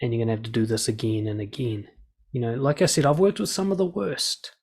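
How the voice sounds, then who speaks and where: A man's voice: mid-range voice, quick pace, a little mellow, husky. A man coaching listeners in a direct advice monologue, blunt and swearing freely, acting out quoted lines. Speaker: dating and confidence coach.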